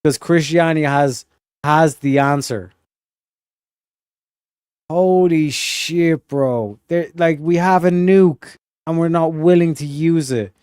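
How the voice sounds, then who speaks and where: A man's voice: on the high side, takes it slowly, pauses often, darkish tone, smooth, no echo, studio quality. A man from Ireland, a streamer reacting to clips in casual, heated, swearing commentary. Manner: heated, swears a lot, acts out voices.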